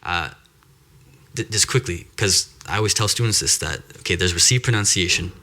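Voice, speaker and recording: A man hosting a podcast interview in relaxed casual chat, often affirming with "mm-hmm". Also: sits low, normal speed. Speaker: podcast host.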